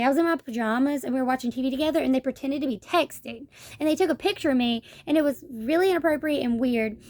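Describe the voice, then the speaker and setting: A young woman with a high voice tells a story straight to the camera, blunt and full of swearing. She acts out the lines people said to her as she goes. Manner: blunt, profane storytelling, acting out quotes. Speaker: vlogger. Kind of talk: casual vlog rant.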